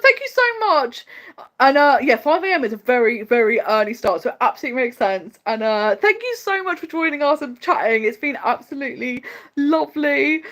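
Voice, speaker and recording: A woman hosting a casual livestream chat, opinionated and quick to laugh, talking in a chatty, fast-flowing way full of "like" fillers. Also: high voice. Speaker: livestream host.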